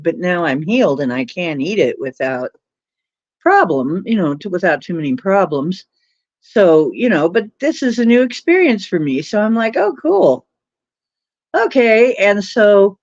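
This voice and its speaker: A woman's voice: sits low, darkish tone, no room sound. Rambling, giggly woman telling stories. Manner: rambling, laughing anecdotes with many fillers. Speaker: livestream host. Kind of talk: casual storytelling chat. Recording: dull lo-fi dry sound.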